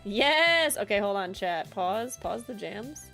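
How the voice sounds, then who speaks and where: A woman's voice: medium pitch, lively intonation, slow pace, vocal fry, sharp tone, faint music behind. A woman streamer chatting casually with her viewers while she plays, rambling and laughing often. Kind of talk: casual gameplay chat.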